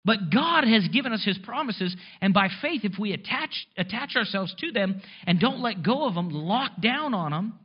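A man preaching with a husky voice that rides high and swings up and down in pitch. He talks to his congregation, tossing in rhetorical questions and dry sarcastic asides. The recording is a little muffled and lo-fi. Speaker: pastor. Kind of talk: sermon.

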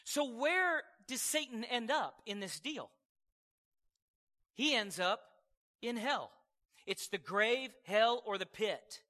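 A man with a very high, bright and pointed voice preaches a sermon, mixing scripture readings with emphatic, conversational asides to his listeners. The sound rings out with a long reverb, as in a large hall. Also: lively intonation, slow, pauses often. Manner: conversational, emphatic preaching with frequent call-outs to the congregation.

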